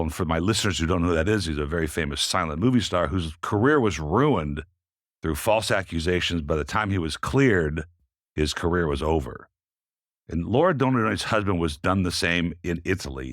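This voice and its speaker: A man's voice: deep voice, dry recording. A man hosting a wine podcast in a studio, chatting casually and joking with his guest. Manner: chatty, jokey, lively intonation. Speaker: podcast host. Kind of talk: casual interview chat.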